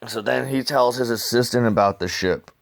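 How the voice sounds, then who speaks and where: A man's voice: medium pitch, normal speed, vocal fry, no room sound. A man casually reviewing comics in rambling, slangy talk, throwing in "dude" and swearing freely.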